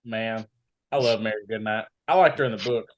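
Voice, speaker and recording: A man's voice: lowish voice, fairly quick. Laid-back man in casual chat. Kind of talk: casual film discussion.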